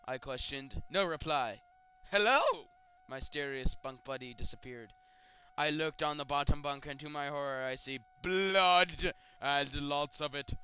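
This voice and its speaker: Young man, sarcastic creepypasta reader, mocking outbursts, slightly high voice, very bright tone, faint music behind. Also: fairly even intonation, normal speed, smooth. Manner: sarcastic, mocks the stories with loud outbursts. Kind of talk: comedic dramatic reading with commentary.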